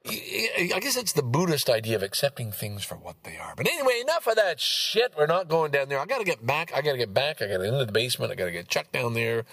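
Gravelly, profane rambling podcast man. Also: mid-range voice, huge pitch swings, fast, few pauses, fairly bright tone, no echo. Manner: profane, blunt, digressive. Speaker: podcast host. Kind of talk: rambling solo podcast monologue.

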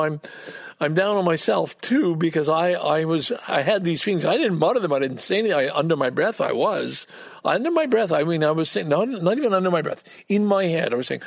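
A man's voice: fairly high pitch, creaky, no room sound, studio quality. A man hosting a podcast, telling a rambling story in a casual monologue, with frequent restarts and blunt swearing. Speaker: podcast host.

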